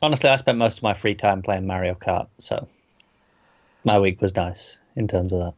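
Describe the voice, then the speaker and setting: A man co-hosts a podcast chat in a lowish voice, tired and a bit out of it after sleepless nights. His replies are dry and laid-back. The audio is somewhat dull and lo-fi. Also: moderate pace. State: tired from insomnia. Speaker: podcast co-host. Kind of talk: casual chat.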